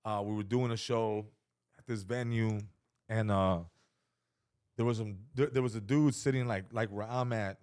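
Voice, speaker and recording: A comedian guest on a podcast tells stories in casual chat, his lowish voice clean in tone and moving at a moderate pace. He is an animated storyteller who acts out the quotes and swears freely.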